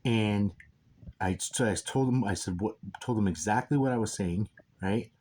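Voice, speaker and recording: Casual monologue from a man with a fairly low voice, telling a story in a rambling, emphatic way. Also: normal speed, a little mellow, a little hiss or hum. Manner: rambling and emphatic, repeating "okay?" and "dude". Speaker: father telling a personal story.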